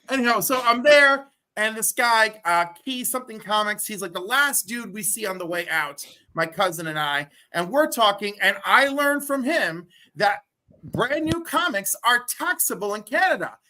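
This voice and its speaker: A man from New York tells a story in an animated, casual chat. His voice is fairly high and bright, with a sharp edge. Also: moderate pace, slight background noise.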